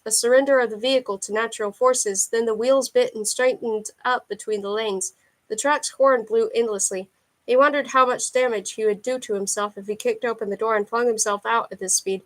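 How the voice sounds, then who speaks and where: A woman reading a thriller novel aloud in a steady, unhurried narration. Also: on the high side. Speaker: audiobook reader.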